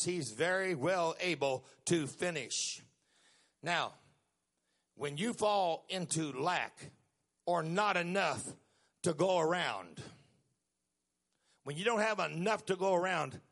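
Emphatic preacher man, high and bright. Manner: swings from quiet storytelling to loud emphatic preaching, stretching key words. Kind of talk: sermon.

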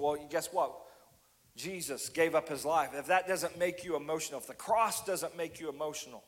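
An impassioned male pastor preaching with a fairly high voice, climbing to near shouts and then sinking to hushed words. His voice rings out with a long reverb tail, as in a large hall. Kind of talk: sermon.

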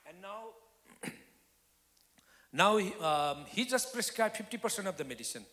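Man, testimony sermon, loud-to-whisper swings, bright forceful voice, long hall reverb. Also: sits high, very animated, measured pace, a faint crowd, a little hiss or hum. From Nepal. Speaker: guest speaker. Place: church hall.

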